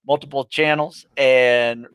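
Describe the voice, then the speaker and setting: A man's voice: mid-range voice, steady tone, slow, fairly bright tone, clean tone, no echo. A man co-hosting a podcast, putting questions and giving short, encouraging replies. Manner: brief, encouraging interjections. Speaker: podcast co-host. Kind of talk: casual chat.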